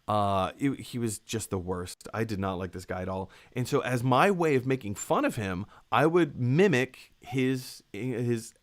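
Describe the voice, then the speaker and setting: A man's voice: mid-range voice, expressive, measured pace, few pauses. A man in the middle of his register hosts a casual live stream. He works through viewer messages aloud, rambling with plenty of fillers and restarts. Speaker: podcast host.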